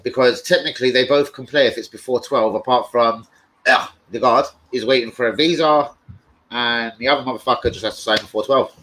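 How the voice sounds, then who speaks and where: A young man chatting casually and excitably on a live stream, swearing freely as he reads chat. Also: medium pitch, fairly quick, slight background noise, poor audio. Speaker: fan channel live streamer.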